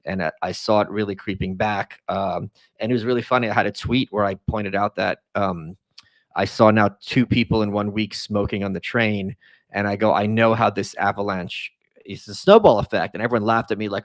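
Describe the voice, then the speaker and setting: A man in casual podcast chat, making wry, measured arguments. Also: fairly low pitch, fairly even intonation, dry recording. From New York. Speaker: guest.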